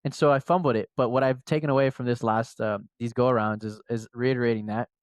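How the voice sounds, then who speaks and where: A man co-hosting a podcast, telling a story in casual chat with an animated, slangy delivery. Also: medium pitch, fast talker, no echo. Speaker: podcast co-host.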